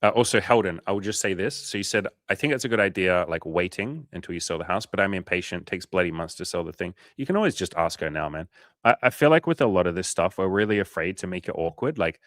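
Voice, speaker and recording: A man's voice: lowish voice, dry recording, clean studio sound. A man hosting a coaching livestream, telling stories casually with lots of swearing and acted-out dialogue. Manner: animated storytelling, swearing, acting out quoted dialogue. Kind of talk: casual livestream chat answering viewers.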